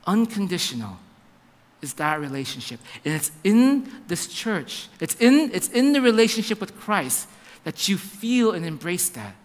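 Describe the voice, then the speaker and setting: Animated pastor preaching in a reverberant hall. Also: male voice, sits high, unhurried. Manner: storytelling with quoted dialogue, many restarts, animated. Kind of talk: sermon. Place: church sanctuary.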